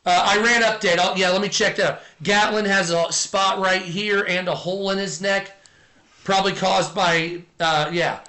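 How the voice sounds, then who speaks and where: A man's voice: high-pitched, steady tone, normal speed, sharp tone. A man hosting a live stream in casual, rambling chat, with lots of fillers, while he reads out viewer comments.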